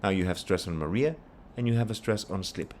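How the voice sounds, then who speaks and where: Male language teacher, very low pitch, patient and explanatory, models phrases slowly. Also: darkish tone, a little hiss or hum. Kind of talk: pronunciation lesson.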